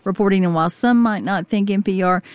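A woman's voice: medium pitch, fast talker, no room sound. A female public radio host making an upbeat, persuasive pledge drive appeal. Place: radio studio.

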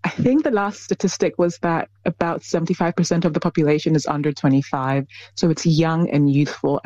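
A woman's voice: low voice, dark tone, no echo, highs cut off. A woman from Nigeria, a filmmaker, talking in a radio interview in an earnest, reflective way.

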